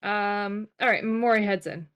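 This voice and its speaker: A woman's voice: medium pitch, fairly even intonation, normal speed, a bit bright, clear, resonant tone. A woman playing a tabletop game, hesitant and laughing as she speaks for her character. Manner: hesitant, giggly. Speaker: player. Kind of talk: casual tabletop play.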